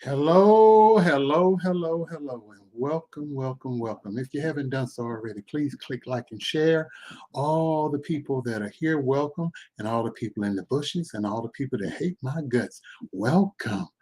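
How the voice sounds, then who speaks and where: A man hosting a live commentary stream in a casual, animated way, with churchy exclamations and repeated phrases. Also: mid-range voice, normal speed.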